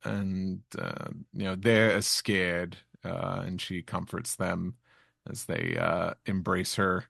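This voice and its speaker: A man co-hosting a podcast, recapping a comic chapter in halting casual chat full of fillers. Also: deep voice, flat delivery, creaky, a bit bright, breathy edge, no echo, studio quality. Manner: halting, with many fillers and restarts. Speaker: podcast co-host.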